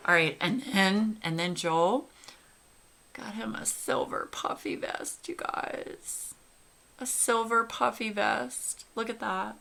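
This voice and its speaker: A woman's voice: lowish voice, vocal fry, bright, forceful tone. A woman in her forties chatting casually and gushingly to her viewers while she colors. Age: 40s. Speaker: coloring channel host.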